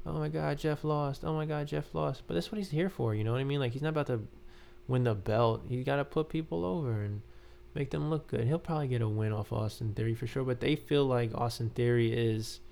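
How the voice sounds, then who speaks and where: A man's voice: medium pitch, vocal fry, darkish tone, a little hiss or hum. A man talking casually and rambling as a podcast host, full of fillers and loose asides. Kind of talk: casual wrestling commentary.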